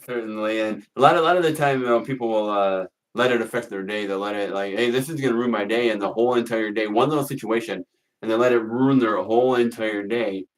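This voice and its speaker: A man's voice: on the low side, quick pace, low-quality recording. A man on a video call as a guest tarot reader, earnest and reassuring, often repeating himself. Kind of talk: casual live stream chat.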